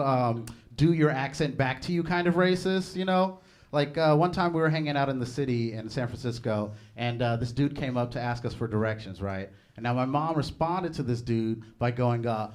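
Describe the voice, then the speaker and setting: A man's voice: fairly high pitch, normal speed. A young man performing stand-up comedy, chatty and laughing at his own jokes. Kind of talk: stand-up set.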